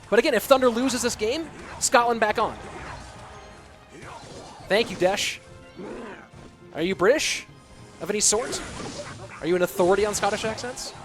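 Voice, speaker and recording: An American esports caster with a high, slightly bright male voice does live game commentary over background music. He's chatty, reading out viewer messages and answering them.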